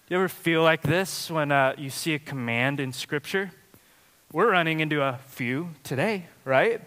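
A man with a slightly high, somewhat bright voice preaches a sermon as pastor at normal speed, with a long reverb tail. He tells stories conversationally, filling his speech with plenty of fillers.

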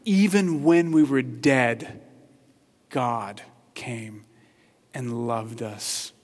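A man preaching a sermon with passion, swinging between hushed, tender passages and loud, excited ones. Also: mid-range voice, very slow, in a large hall. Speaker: pastor.

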